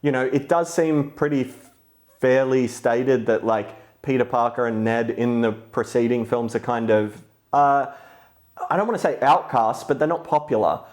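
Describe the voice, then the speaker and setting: A man with a mid-pitched, ordinary voice co-hosts a casual podcast. He talks in a measured, thoughtful way and often pauses to hesitate. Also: darkish tone. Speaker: podcast co-host.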